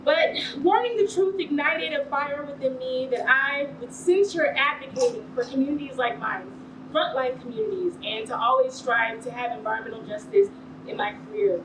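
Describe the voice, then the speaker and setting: A woman's voice: high voice, animated, normal speed. A young woman from the American South giving an earnest, formal acceptance speech. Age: young adult. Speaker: award recipient. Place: event hall. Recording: echoey hall from far off with noise.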